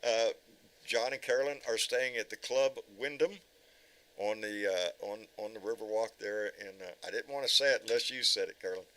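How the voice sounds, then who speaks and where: A man's voice: on the low side, a little fast, pushed and bright, rough recording. A man hosting a casual livestream chat, bantering and joking. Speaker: host.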